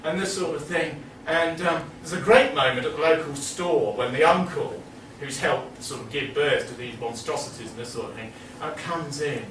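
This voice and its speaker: A man's voice: on the high side, moderate pace, a bit bright. A man giving a public lecture, rambling and digressive with many fillers. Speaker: speaker. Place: meeting hall. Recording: echoey hall, distant mic, noisy.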